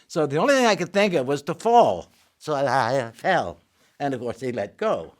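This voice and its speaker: An older male actor telling backstage anecdotes in an animated way, acting out the other voices. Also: mid-range voice, moderate pace. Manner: animated, acts out the voices in his stories. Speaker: actor interviewee. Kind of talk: anecdotal storytelling.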